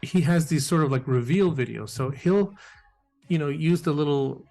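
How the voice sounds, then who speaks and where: A man's voice: a little high, moderate pace, gravelly, dark tone. Male podcast host, easygoing and chatty, walks through details with restarts; faint music under. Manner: describing toys in detail, with fillers and restarts. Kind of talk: casual chat.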